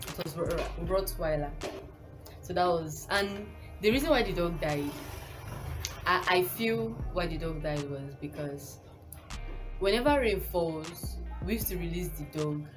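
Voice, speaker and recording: A woman's voice: lowish voice, animated, unhurried. Rambling Nigerian woman over music. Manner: rambling, self-correcting, with frequent laughs. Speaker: vlogger. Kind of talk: casual storytime. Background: background music.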